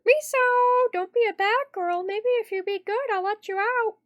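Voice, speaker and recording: A woman doing a shrill, mocking captor. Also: moderate pace, muffled recording. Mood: taunting. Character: cruel, taunting captor.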